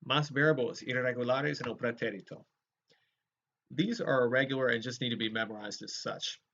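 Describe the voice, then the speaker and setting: A man teaching a Spanish grammar lesson, explaining verb forms clearly and modeling each conjugation aloud for students to repeat. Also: medium pitch, fairly even intonation, brisk, a bit bright. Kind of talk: recorded lecture with choral drills. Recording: dull lo-fi lecture recording.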